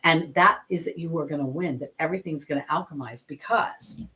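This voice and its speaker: Her voice sits low but comes across brisk, pushed, and bright. She's an intuitive astrologer doing a laid-back oracle card reading and talking expressively directly to the people watching.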